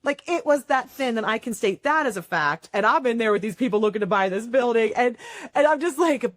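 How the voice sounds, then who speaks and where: Lively woman hosting a podcast. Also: a little high, fairly quick. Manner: animated storytelling, acts out quotes. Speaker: podcast host. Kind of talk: casual chat.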